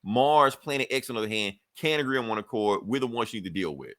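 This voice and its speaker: Male podcast host, mid-pitch, animated comic recap voice, close dry mic. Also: fast, no room sound. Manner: animated storytelling, acts out characters' lines, swears casually. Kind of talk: casual comic book recap.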